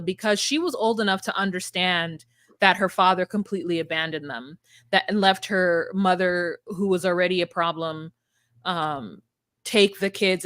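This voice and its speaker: A woman's voice: medium pitch, no echo. Woman, podcast co-host, casual chat, emphatic retelling, mid-range voice, dry close sound. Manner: animated, emphatic retelling with frequent fillers.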